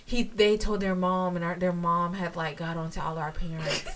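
A woman co-hosting a casual podcast chat, telling stories in an animated, laughing way. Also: fairly low pitch, moderate pace, far from the mic, crowd noise. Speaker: podcast co-host.

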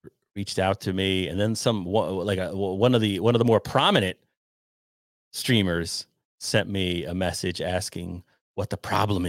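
A man's voice: low-pitched, fairly bright tone, dry recording, clean studio sound. A man hosting a casual livestream, rambling loosely, swearing and reading viewer donations aloud. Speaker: podcast host reading chat.

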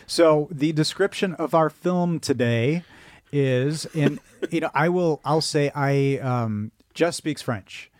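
A man's voice: fairly high pitch, takes it slowly, no room sound. Rambling Midwestern man podcasting. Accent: Midwestern American. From Michigan, United States. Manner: rambling, self-deprecating, many restarts. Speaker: podcast co-host. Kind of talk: casual chat.

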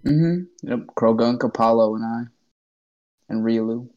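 A man playing in a tabletop game, giving relaxed, brief replies. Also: mid-range voice, a little slow, highs cut off. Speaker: player.

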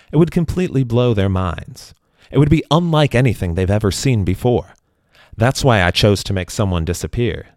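A man's voice: on the low side, a little mellow, no echo, clean studio sound. A man voicing a proud, grandiose male stage magician in a spoken story. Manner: grandiose, self-congratulating, apologetic when explaining.

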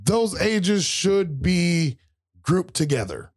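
A man's voice: high-pitched, very animated, slow, husky. A man in his thirties co-hosting a casual talk show, ranting heatedly and swearing constantly. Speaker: podcast co-host. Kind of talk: casual profane rant.

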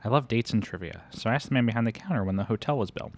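A man reading a first-person story aloud at a brisk clip. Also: lowish voice, lively intonation. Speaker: audiobook reader.

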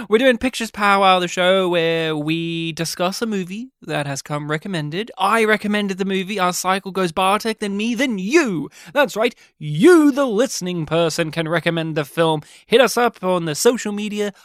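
A man hosting a podcast, joking and playful, his voice getting croaky. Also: high voice, moderate pace, no echo, clean studio sound. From Australia. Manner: joking, playful, self-deprecating. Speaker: podcast host. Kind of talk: casual chat.

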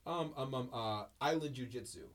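A man hosting a podcast in casual chat, talking haltingly with lots of fillers and restarts. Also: medium pitch. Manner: halting, heavy on fillers and restarts, laughs easily. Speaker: podcast host.

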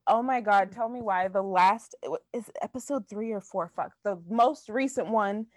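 A young woman co-hosts a podcast, chatting casually in a mid-range voice at a moderate pace with no room sound. She's animated, laughs often and swears freely.

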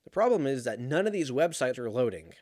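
Young man, casual rambling monologue, cursing, animated storyteller, dry close sound. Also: medium pitch, brisk, dry recording. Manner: profane, animated storytelling, laughs at himself.

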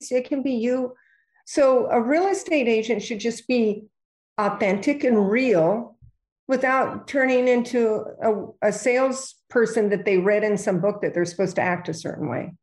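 Animated storyteller woman, fairly high voice. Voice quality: animated storyteller who acts out quoted voices. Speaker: real estate agent. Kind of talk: casual podcast conversation.

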